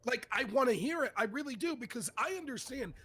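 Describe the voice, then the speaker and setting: A man co-hosting a live stream, joking and talking in an animated way. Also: very high-pitched, brisk, husky. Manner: animated, joking, mock-sincere. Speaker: stream co-host. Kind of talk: casual live-stream banter.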